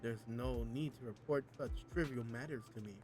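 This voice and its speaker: A man's voice: mid-range voice, normal speed, music in the background, voice pushed down, natural voice. A man voicing an arrogant, cold male crime boss, reading game dialogue aloud in a curt, commanding, dismissive way.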